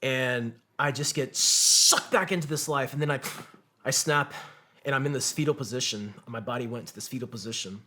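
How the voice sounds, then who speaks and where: A man's voice: mid-range voice, moderate pace, bright, forceful tone. A combat veteran, a man, telling his war story as a podcast guest, swearing freely and acting out what others said. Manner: profane, vivid war storytelling; acts out quotes of others. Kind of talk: storytelling in conversation.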